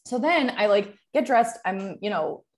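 A woman's voice: medium pitch, lively intonation, unhurried. A young adult woman telling a story in a casual chat, chatty and full of fillers, often laughing.

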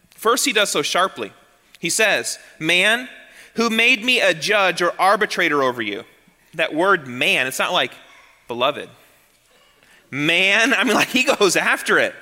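Male pastor, sermon, very bright tone, slightly high voice, long hall reverb. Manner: emphatic preaching, drops to soft low tones for quotes.

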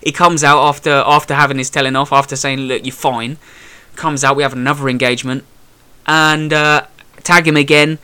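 A man's voice: medium pitch, moderate pace, clean tone. A young man telling a boxing story in casual chat, acting out quotes and swearing freely. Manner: animated storyteller, acts out quotes, swears a lot. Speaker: boxer telling a fight story.

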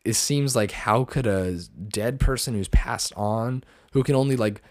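A man's voice: medium pitch, unhurried, a little mellow, dry recording, clean studio sound. A young man hosting a podcast, chatting casually and rambling, with lots of fillers. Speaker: podcast host. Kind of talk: casual chat.

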